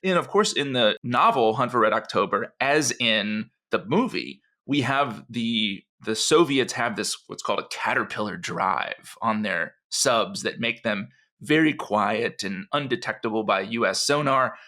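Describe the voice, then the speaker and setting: A man with a bright, forceful voice, co-hosting a conversational podcast. He tells the story with eager, animated energy, pitched in a middle range. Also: measured pace, few pauses. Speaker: podcast co-host.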